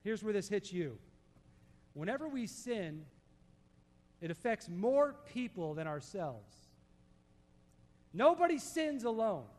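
A man preaching a sermon, emphatic, dropping to soft low tones to stress a point. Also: sing-song, slow pace, long pauses, long reverb tail. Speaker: pastor.

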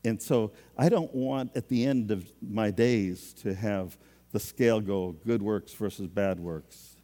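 Unhurried pastor preaching in a reverberant hall. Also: male voice, lowish voice, mellow. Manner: conversational, self-deprecating preaching. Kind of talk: sermon.

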